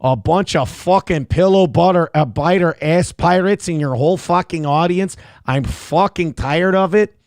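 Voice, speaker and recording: A man's voice: medium pitch, slow, dark tone, clear, resonant tone, dry recording. A crude, boastful male pet dog, as a man puts him on, bragging about his chores and cursing at the audience. The voice sits mid-height and sounds dry and close, with no room around it. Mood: belligerent. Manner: vulgar, bragging, belligerent.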